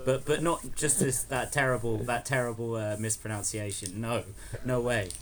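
A man's voice: medium pitch, steady tone, moderate pace, slight background noise. A young man co-hosting a podcast, chatting casually with a sardonic, laughing manner. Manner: sardonic, swearing, laughs often. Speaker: podcast co-host. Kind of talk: casual chat.

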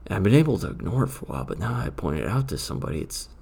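A man's voice: on the low side, big pitch swings, rapid-fire, vocal fry, darkish tone, breathy edge. A man improvising a comic monologue as a jittery tavern keeper, rambling and often dropping to a nervous whisper. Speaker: storyteller playing a tavern keeper.

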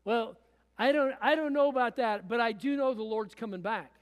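A man's voice: extremely high pitch, moderate pace, big-room sound. A man preaching a sermon as pastor, repeating phrases and restarting often. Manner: preaching with repetition and frequent restarts. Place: church.

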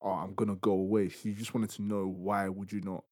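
A man's voice: sits low, level tone, a little fast, darkish tone. A young man, co-hosting a podcast and telling stories in a laid-back, teasing way. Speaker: podcast co-host. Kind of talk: casual chat.

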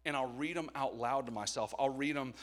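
A man's voice: medium pitch, a little fast, soft background music. A middle-aged man preaching a candid, conversational sermon with jokes along the way. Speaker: pastor.

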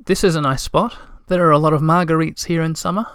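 A man's voice: on the high side, fairly even intonation, fast, fairly bright tone, smooth, dry recording, clean studio sound, voice pushed up. A man voicing an earnest young male troll creature in a storybook, speaking in a solemn, dignified way. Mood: hopeful.

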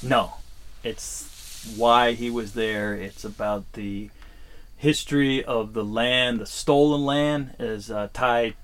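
A man's voice: medium pitch, slow pace. A man co-hosting a podcast, chatting and recounting stories in a casual way. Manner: chatty, storytelling. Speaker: podcast co-host.

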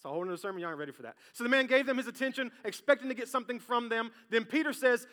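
A man preaching a sermon as pastor, lively and joking, talking straight to his congregation. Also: extremely high pitch, racing, hardly any pauses. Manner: lively, jokey, talks straight to the crowd. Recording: long hall reverb.

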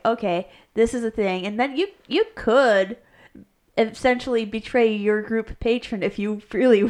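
A chatty woman on a casual podcast, her voice sitting a little high for a woman. She rambles through game lore with frequent restarts and quick laughs. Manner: rambling, self-correcting, laughs often. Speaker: podcast co-host, game master. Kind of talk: casual chat.

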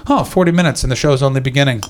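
A man's voice: medium pitch, a little hiss or hum. Profane stand-up comedian man. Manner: loud, profane, rapid banter. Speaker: comedian host. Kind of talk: stand-up crowd work and storytelling. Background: audience laughter.

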